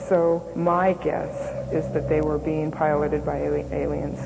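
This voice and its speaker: A woman, a former radar operator, giving halting documentary testimony with many pauses and fillers, over music. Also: low-pitched, flat delivery, creaky, heavy background noise. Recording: music underneath.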